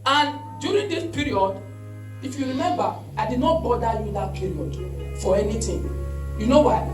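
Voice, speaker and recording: A man's voice: very high voice, expressive, normal speed, echoey room, recorded from a distance, over music, low-quality recording. A man preaching a testimony sermon, telling the story with emphasis and calling out hallelujahs.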